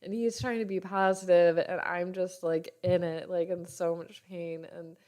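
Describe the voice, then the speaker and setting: A woman in her thirties hosting a podcast as a doctor, talking frankly and warmly in an unscripted way, and sometimes acting out what others say. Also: fairly low pitch, little pitch movement, normal speed. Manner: frank and heartfelt, swears casually, acts out others' lines. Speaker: podcast host, functional medicine doctor. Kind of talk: candid solo podcast talk.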